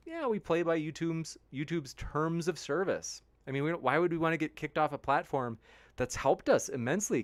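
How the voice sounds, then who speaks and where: Animated man hosting a livestream, dry sound. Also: mid-range voice, no echo. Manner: animated, sarcastic mock voices for critics. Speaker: debate channel host. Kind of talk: livestream chat reading.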